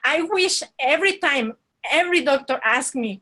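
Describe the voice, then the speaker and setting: A woman, telling a personal story in an earnest, halting way over a video call. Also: sits high, bright, forceful tone, low-quality recording. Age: 40s. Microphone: online video call.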